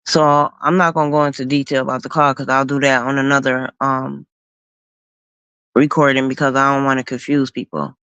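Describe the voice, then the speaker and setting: A woman hosting a stream, slowly recounting events in a casual storytelling manner. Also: extremely low pitch, flat delivery, a bit bright, clear, resonant tone, dry recording, lo-fi sound. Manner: slow, recounting events with acted quotes. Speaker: host.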